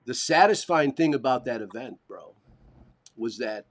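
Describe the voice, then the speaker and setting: A man's voice: mid-range voice, moderate pace. A man co-hosting a live stream, telling a long story in casual chat, swearing and acting out the people he quotes. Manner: animated, swearing, acts out quoted voices. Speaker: podcast co-host.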